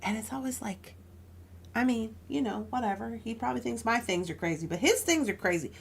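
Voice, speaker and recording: A woman's voice: a little high, lively intonation, brisk, gravelly, breathy edge. A woman casually chatting while she crafts jewelry on a live stream, telling stories with frequent laughs and asides.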